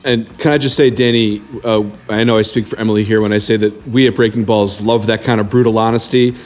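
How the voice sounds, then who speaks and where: A man's voice: lowish voice, fairly even intonation, brisk, soft background music. A man co-hosting a podcast, gushing with enthusiastic praise for a caller. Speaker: podcast co-host. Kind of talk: casual podcast chat.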